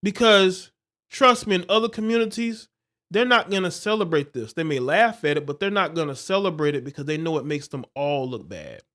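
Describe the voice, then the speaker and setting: High-voiced scornful man ranting on a livestream. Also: lively intonation, a little fast, a bit bright. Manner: scornful, insulting, preachy. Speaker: livestream host. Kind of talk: reading news and ranting commentary.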